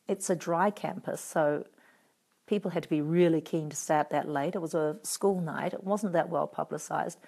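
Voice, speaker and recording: Kiwi woman doing a live fan q&a, low voice with a gravelly edge, wry and teasing. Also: darkish tone. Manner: chatty, wry and playfully teasing. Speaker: actress answering fan questions. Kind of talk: casual live video Q&A reading out comments.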